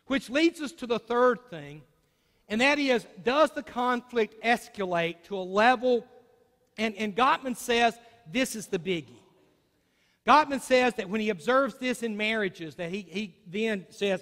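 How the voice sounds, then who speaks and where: Man, pulpit sermon, high voice, long church reverb, folksy storyteller. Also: moderate pace, a bit bright. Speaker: preacher. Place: church hall.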